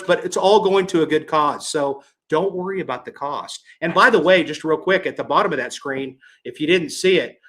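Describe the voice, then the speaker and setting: A middle-aged man hosting a live podcast stream. He is upbeat and talks directly to his viewers, often repeating himself. His voice sits a little higher than most men's. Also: fairly bright tone. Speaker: podcast host. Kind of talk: livestream podcast chat.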